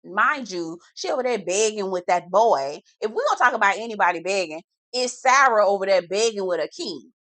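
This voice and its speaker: Here a woman with a mid-range voice reviews a reality TV episode, her take full of slang and delivered bluntly. She leans on drawn-out words for emphasis, sounding sassy and animated, with no room sound on the recording.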